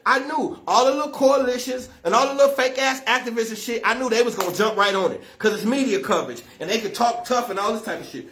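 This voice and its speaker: High-pitched man scolding, profane and blunt. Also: bright, forceful tone. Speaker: activist speaker. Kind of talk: impassioned monologue to camera.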